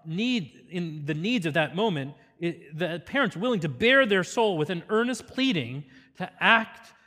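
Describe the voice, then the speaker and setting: A man's voice: on the high side, a bit bright, long reverb tail. A man giving an earnest, teacherly parenting seminar with a faith focus.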